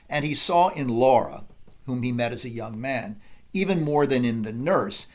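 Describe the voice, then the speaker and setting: A man giving a deliberate, analytical literature lecture as a professor. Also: medium pitch.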